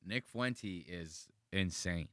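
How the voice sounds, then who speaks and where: A man's voice: sits low, slow pace, a bit bright, no room sound, clean studio sound. A man from the United States giving casual, rambling reaction commentary to videos, slangy and profane.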